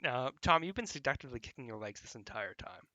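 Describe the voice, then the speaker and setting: Young male co-host, brisk and bright, dry close recording, playful banter. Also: mid-range voice, expressive, no echo, dull audio. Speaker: podcast co-host. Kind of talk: casual chat.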